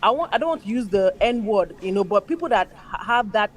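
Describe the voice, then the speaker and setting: A woman's voice: medium pitch, lively intonation, fairly quick. A woman speaking emphatically in casual chat, mimicking other people's voices as she makes her points. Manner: emphatic, acts out quoted people.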